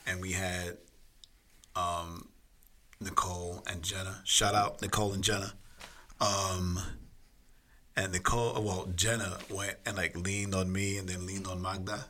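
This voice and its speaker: A man's voice: low voice, flat delivery, unhurried, pauses often, sharp tone. A man co-hosting a podcast in loose, casual chat, laughing often and repeating words as he finds his point. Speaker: podcast co-host.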